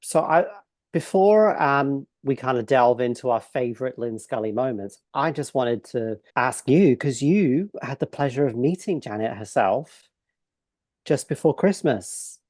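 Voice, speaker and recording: A man's voice: medium pitch, expressive, a little slow, darkish tone, dry recording. Man, mid-range voice, dry close sound, conversational co-host asking questions. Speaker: podcast co-host. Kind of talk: casual chat.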